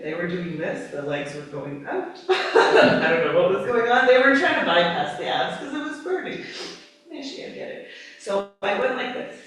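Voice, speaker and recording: Yoga trainer, female, casual and animated, heavy room echo, faint background hum. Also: medium pitch. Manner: casual, lively, acts out cues, laughs often. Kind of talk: live teacher-training class talk. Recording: echoey room, mic far off.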